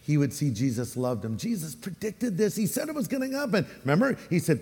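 A man with a Californian accent preaching a sermon as a pastor, animated and acting out the voices he quotes. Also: a little high, fairly quick, few pauses, big-room sound.

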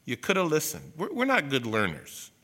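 A man preaching a sermon in church, animated, with conversational asides and acted-out quotes. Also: on the high side, normal speed. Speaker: pastor.

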